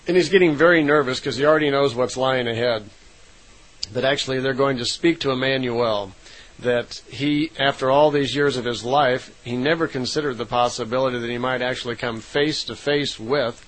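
A man's voice: mid-range voice, a bit bright, rough recording. A man retelling a story in a loose, unscripted way, with frequent fillers and self-corrections. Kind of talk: casual spoken retelling.

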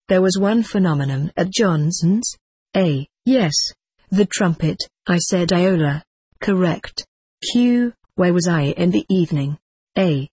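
A woman narrating an audiobook of diary entries in a steady, measured reading. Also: on the low side, slightly rough, dry recording.

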